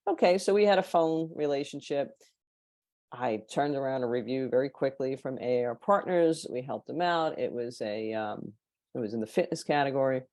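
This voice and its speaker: With an extremely low-pitched voice and no echo, a woman appears as a podcast guest. The marketing consultant shares anecdotes in casual, animated chat and acts out the people she quotes.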